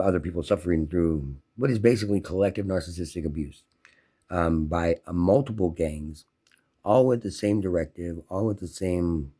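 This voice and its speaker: Deep-voiced man ranting with profanity. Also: mellow. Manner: profane, emphatic, run-on. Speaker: vlogger. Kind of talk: casual ranting monologue.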